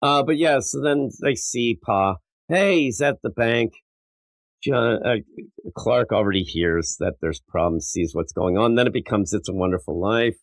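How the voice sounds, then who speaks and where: A man's voice: lowish voice, unhurried, no room sound. A man hosting a casual comic book podcast, rambling and profane, and acting out characters' lines as he goes. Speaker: podcast host.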